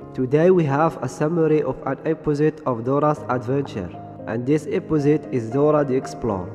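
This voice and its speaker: A man with an Arabic accent retelling a cartoon episode in simple, halting English as host. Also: a little high, darkish tone. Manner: slow, simple non-native English, halting phrasing. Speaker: channel host narrating a cartoon summary. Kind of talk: storytelling recap. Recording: long reverb, music underneath.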